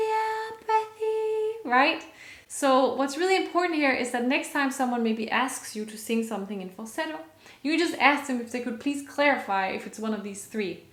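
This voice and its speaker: A woman's voice: a little high, a bit bright, echoey room. A woman vocal coach explaining singing technique to her viewers, upbeat and enthusiastic, stopping to sing short examples.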